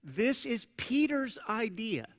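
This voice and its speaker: A male pastor preaching a sermon in a conversational, animated way, with asides and self-corrections. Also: very high voice, slow. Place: church sanctuary. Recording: long reverb of a large church hall.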